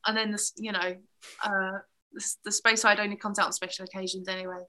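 A woman's voice: mid-range voice, steady tone, brisk, bright, forceful tone. A woman from southern England, a guest musician, talking in a rambling, chatty way and laughing often. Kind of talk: casual chat.

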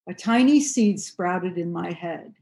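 A woman reading her own first-person memoir aloud in a steady, measured storytelling voice. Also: fairly low pitch, vocal fry. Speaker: narrator.

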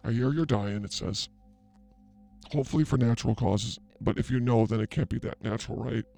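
A man's voice: medium pitch, fairly quick, creaky, mellow, faint music behind, natural voice. A man playing a brash, flirty fake psychic healer in a comedy sketch, rambling through crude banter. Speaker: comedy show host.

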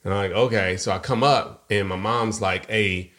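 A man's voice: lowish voice, normal speed. A man telling a story, voices in it. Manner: animated storyteller, acts out quoted voices. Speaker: podcast co-host. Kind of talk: casual storytelling chat.

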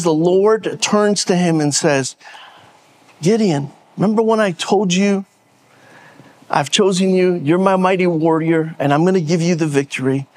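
A pastor preaching a sermon from the stage, often repeating words as he builds to a point and rallying his listeners. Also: high-pitched. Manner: repeats words when stressing a point, rallies the audience.

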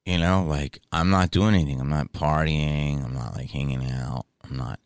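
A middle-aged man hosting a podcast, telling rambling, animated stories in casual chat. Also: very deep voice, moderate pace, clear, resonant tone, no room sound, clean studio sound. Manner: rambling, animated, lots of fillers. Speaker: podcast host.

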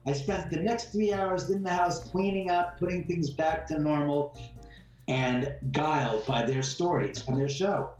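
On the high side and darkish in tone, this guest homeowner's voice moves a little slowly as he bluntly recounts a heated story in an interview. He acts out the back-and-forth, and the roomy, distant recording carries faint background music.

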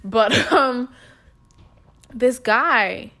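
A woman's voice: fairly high pitch, expressive, drawn-out words, sharp tone. Blunt, profane woman with a New York accent. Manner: blunt, crude and profane, talking straight to listeners. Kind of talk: casual storytelling monologue.

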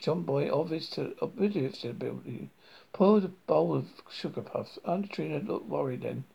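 A man's voice: on the high side, animated, normal speed, gravelly, mellow, slightly rough. A man reading a comic diary novel aloud, with frequent slips and restarts. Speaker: reader.

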